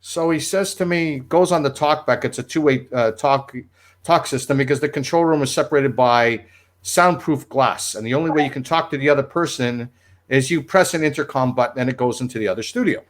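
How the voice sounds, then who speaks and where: A man's voice: medium pitch, fairly quick. A man, a former radio producer, telling a long, rambling story on a livestream and laughing along as he tells it. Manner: rambling, animated, laughs at his own story.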